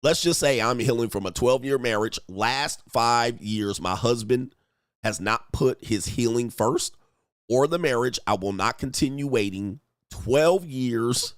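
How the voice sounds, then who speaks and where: A man's voice: mid-range voice, expressive, unhurried, no echo, studio quality. A man giving casual relationship-coach commentary on online comments, blunt and profane, mimicking the men he quotes.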